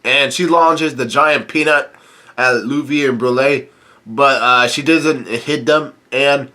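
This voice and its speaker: A man's voice: medium pitch, slow pace, sharp tone. Rambling man with a stuffy nose. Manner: rambling, laughing, many fillers and restarts. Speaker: comic reader and commentator. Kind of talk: casual comic read-through.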